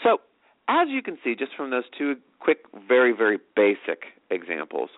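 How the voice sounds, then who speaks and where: A male host talks fast and loosely, piling on fillers and restarts as he explains. His voice sits at an ordinary pitch. The sound is thin and phone-like, with a dry, close feel. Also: wildly swooping pitch, no echo. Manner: rambling, filler-heavy, fast. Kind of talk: casual talk show explanation. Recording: tinny dry phone-like audio.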